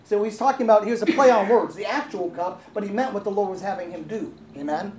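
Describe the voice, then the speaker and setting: A woman's voice: medium pitch, fast, background noise. Woman preaching in an echoey hall. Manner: conversational, asks the congregation questions, laughs easily. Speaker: pastor. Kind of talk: sermon. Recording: roomy echo, faint ambience.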